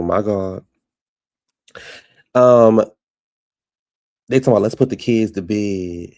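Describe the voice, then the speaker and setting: A man's voice: lowish voice, normal speed, long pauses, darkish tone, no echo, studio quality. A man giving a sassy, gossipy casual recap of a reality show, talking straight to his viewers.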